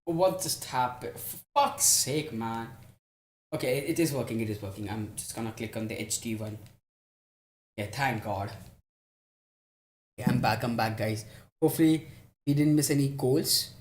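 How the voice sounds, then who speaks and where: A man's voice: medium pitch, normal speed, long pauses, darkish tone. A young man hosting a live football watch-along stream, reacting to the match and answering chat in a casual, profane way.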